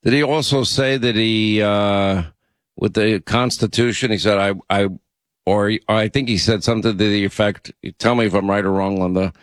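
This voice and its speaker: A man's voice: on the low side, steady tone, normal speed, no room sound, clean studio sound. A man hosting a talk radio show, delivering an indignant opinion monologue full of restarts and asides. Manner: indignant, repeats himself, frequent uh and you know.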